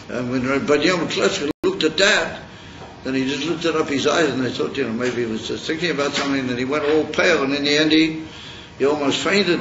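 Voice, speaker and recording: Halting man giving a Torah lecture. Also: mid-range voice, vocal fry. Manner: halting, searching for words, mixing Yiddish and Hebrew terms. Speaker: rabbi teaching Chassidus. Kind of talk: informal Torah lecture with a story. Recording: roomy, dull, noisy recording.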